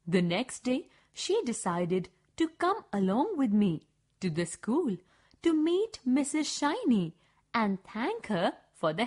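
A woman narrating a first-person children's story in an expressive, measured way. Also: on the high side.

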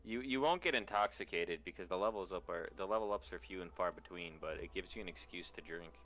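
A man chats casually while streaming a video game with a friend. He talks quickly in a somewhat low voice, teasing his partner and swearing freely. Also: a bit bright. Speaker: streamer playing a game with a guest. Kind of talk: casual gaming chat.

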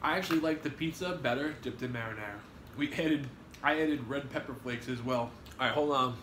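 A man's voice: mid-range voice, brisk, a bit bright, echoey room, slight background noise. A man hosting a pizza review livestream, joking and swearing as he chats casually at a table indoors. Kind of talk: casual on-stream banter.

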